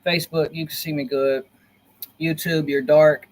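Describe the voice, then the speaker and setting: A man's voice: on the high side, little pitch movement, normal speed. A man talking casually on a livestream from a dim corner of his room, rambling and repeating himself in an earnest, conspiratorial way. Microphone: laptop built-in mic.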